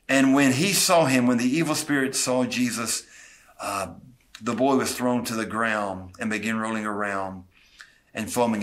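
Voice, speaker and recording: Male pastor, earnest expository preacher, bright voice, middle pitch, occasional restarts. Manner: earnest preaching, paraphrases scripture with asides and small restarts. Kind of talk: expository sermon.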